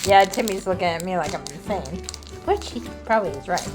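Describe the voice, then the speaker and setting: A woman vlogger talking casually to camera, chatty and playful, laughing often and drifting into soft asides. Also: fairly low pitch, animated, a little fast, faint music behind.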